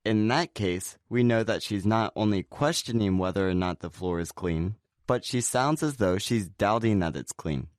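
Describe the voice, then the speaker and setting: A man co-hosting a scripted pronunciation lesson. His voice sits on the low side, and he explains things clearly and steadily. The sound is dry, with no room around it. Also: normal speed, hardly any pauses, no echo. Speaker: pronunciation teacher.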